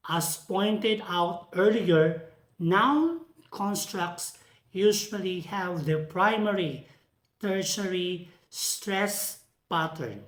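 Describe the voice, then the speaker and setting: A woman teacher talks slowly and deliberately through a pronunciation lecture, repeating each example word aloud. Her voice sits a little low for a woman. It is recorded in an echoey room.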